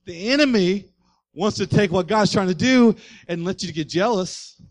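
A man's voice: high-pitched, moderate pace, no echo. A man, a pastor, preaching a sermon with rising fervor and repeated refrains.

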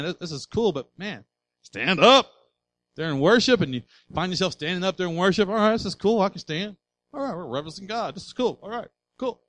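Male pastor, passionate sermon delivery, slightly high-pitched, builds to loud declarations. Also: poor audio.

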